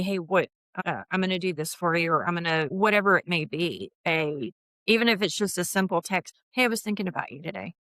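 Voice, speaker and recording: A woman in her fifties with a twang and a low-set voice, talking candidly as an interview guest. She is earnest and often restarts her sentences, breaking into lively, emphatic bursts. The sound is close and dry. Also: gravelly, no room sound. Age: 50s.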